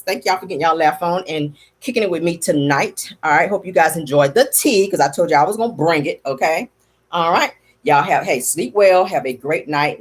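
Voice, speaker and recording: A woman's voice: on the low side, husky. A woman hosting a casual comedic livestream, sassy and chatty, calling her viewers honey and y'all. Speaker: livestream host.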